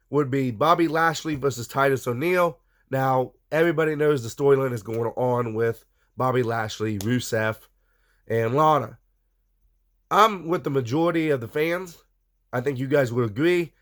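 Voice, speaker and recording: A man's voice: on the high side, fairly bright tone. Opinionated man recapping a wrestling show. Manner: opinionated, talks straight to viewers. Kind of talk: casual recap and review.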